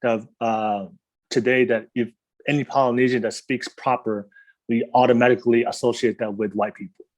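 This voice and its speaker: A man's voice: mid-range voice, fairly even intonation, moderate pace. Hesitant man hosting a casual interview. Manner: hesitant, full of restarts and repeated words. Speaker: podcast host.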